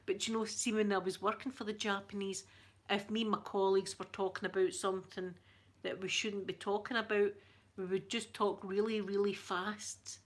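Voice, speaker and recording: A woman's voice: medium pitch, little pitch movement, moderate pace. A middle-aged woman with a thick Scottish accent, chatting casually with viewers on her livestream, laughing often. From Scotland. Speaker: livestream host. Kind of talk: casual chat with live viewers.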